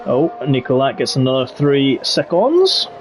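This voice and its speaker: A man giving live commentary on a sim racing league, getting excitable when the battles get close. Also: mid-range voice, a little slow, slight background noise. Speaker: race commentator.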